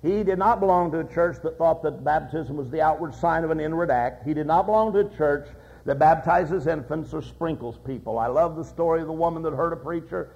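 A man's voice: fairly high pitch, brisk, creaky, a little mellow. An older man preaching a sermon, telling folksy stories and acting out their voices. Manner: folksy storytelling with voiced anecdotes. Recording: dull lo-fi recording.

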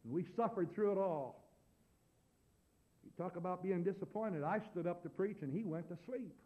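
Male preacher with a high voice, folksy and animated storytelling sermon, dull lo-fi recording. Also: moderate pace.

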